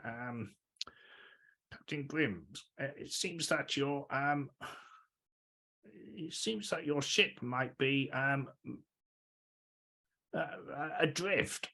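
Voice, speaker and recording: A man's voice: on the high side, animated, slow pace, pauses often, bright, forceful tone, exaggerated voice. A man voicing a timid, apologetic male crew member who stammers through his words.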